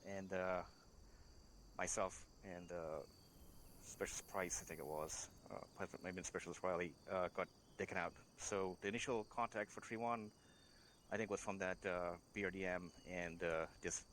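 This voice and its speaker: A man reporting to his leader in a debrief, halting with many fillers. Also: deep voice, fairly even intonation, a bit bright, slight background noise. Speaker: squad member reporting.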